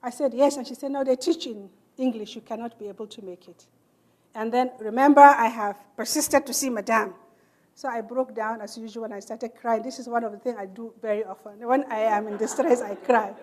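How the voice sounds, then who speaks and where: Speaking fairly quickly in a fairly high voice, a middle-aged Nigerian keynote speaker addresses a large hall. Her storytelling about her own life is earnest and lively, and she voices the people involved in quoted dialogue.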